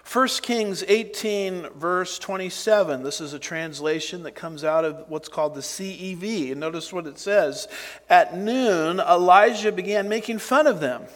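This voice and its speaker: Slow-preaching man in an echoing hall. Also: sits high. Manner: slow, deliberate preaching with emphatic rises and asides. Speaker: pastor. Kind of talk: sermon. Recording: long hall reverb.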